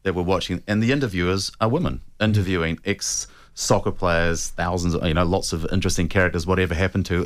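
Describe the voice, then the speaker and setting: A man, a voice coach giving measured, reflective answers in a radio interview. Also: deep voice, no echo. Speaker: voice and presentation coach.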